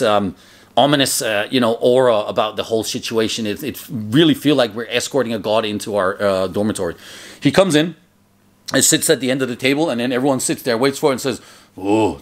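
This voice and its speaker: A man narrating his own memories in a casual, rambling way, full of fillers and restarts. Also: medium pitch. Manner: chatty, loose, filler-heavy, with loud acted shouts in quotes. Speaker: memoir narrator. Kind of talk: casual spoken storytelling.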